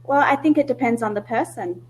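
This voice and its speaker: A woman's voice: on the high side, brisk, darkish tone, slight background noise, rough recording. Candid woman in casual discussion. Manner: candid, self-interrupting, laughs easily. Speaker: discussion participant.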